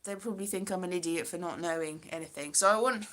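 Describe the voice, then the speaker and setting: A woman's voice: on the low side, quick pace, a bit bright. A woman from Wales talking casually to camera in a rambling, self-deprecating vlog, full of fillers and restarts. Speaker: vlogger. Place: home, London.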